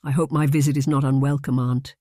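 A man voicing a polite, earnest young nobleman in an audiobook, speaking gently and quietly. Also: medium pitch, level tone, brisk, dry recording, studio quality, close to an everyday voice. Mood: gentle. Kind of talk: audiobook character reading.

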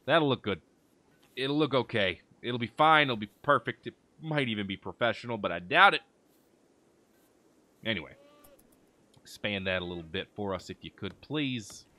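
A man giving animated let's-play commentary, reacting loudly and chatting to the characters on screen. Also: lowish voice. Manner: excitable, chatty, talks to game characters. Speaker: gaming video host.

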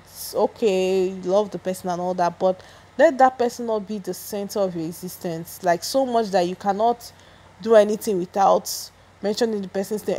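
A woman's voice: medium pitch, mellow, husky. A woman giving a chatty, opinionated gossip recap, often restarting her sentences. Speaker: celebrity gossip vlogger.

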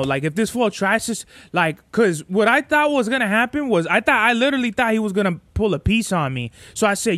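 A man's voice: high-pitched, expressive, brisk, fairly bright tone, no echo. A young man hosting a podcast, telling a rambling, profane story in street slang. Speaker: podcast host. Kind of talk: casual solo podcast storytelling.

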